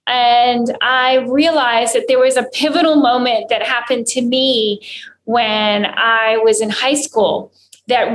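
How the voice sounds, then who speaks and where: A woman host sharing a personal story in a hesitant, casual way, with pauses and fillers. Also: on the high side, a bit bright. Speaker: podcast host. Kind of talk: casual conversation. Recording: echoey room with faint noise.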